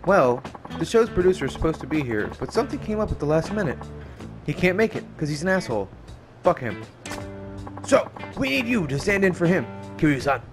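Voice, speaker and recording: A man's voice: fairly high pitch, sing-song, a little fast, music in the background. A man reading game subtitles aloud, voicing a chatty young male TV assistant in a casual, reassuring way. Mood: breezy.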